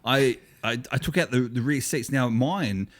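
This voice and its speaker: A man's voice: medium pitch, moderate pace. Chatty Australian man. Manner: chatty, rambling storyteller with many restarts. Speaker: podcast co-host. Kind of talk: casual chat.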